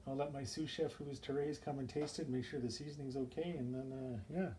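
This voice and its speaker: This man, a home cook, speaks at a medium pitch with a steady tone and a slightly quick pace. He chats and rambles casually through a home cooking video, interrupting himself mid-sentence, while a camera across the kitchen captures it in a noisy home recording.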